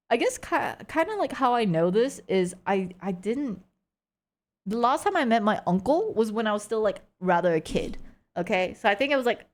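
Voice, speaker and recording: A young woman streamer in casual chat, talking loosely with many fillers and frequent laughter. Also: fairly low pitch. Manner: chatty, giggly, full of "like" fillers. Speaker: livestreamer.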